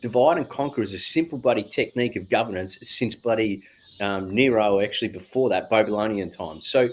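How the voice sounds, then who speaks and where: A man talks at an unhurried, drawn-out pace in a low register. He is a guest reflecting on spiritual ideas, musing aloud and dropping the occasional swear word. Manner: slow, musing, drawn-out phrasing with casual swearing.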